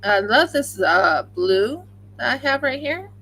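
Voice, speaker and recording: A woman's voice: a little high, big pitch swings, a little slow, bright, forceful tone, slightly rough, low-quality recording. A woman hosting a crafting livestream, chatting casually and rambling with many fillers while she crochets at home.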